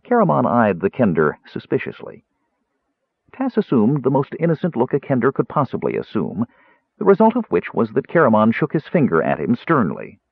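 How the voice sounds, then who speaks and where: A man giving a dramatic, lively narration of a fantasy audiobook. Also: mid-range voice, moderate pace, vocal fry, husky, dry recording. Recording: tinny phone-like dry recording.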